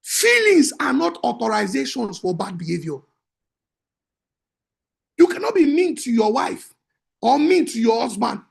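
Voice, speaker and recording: Marriage coach guy preaching, real high voice, gravelly edge, keeps shouting for emphasis. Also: big pitch swings, a little slow, long pauses. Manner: emphatic, repetitive, bursts into shouting. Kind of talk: preaching-style marriage teaching.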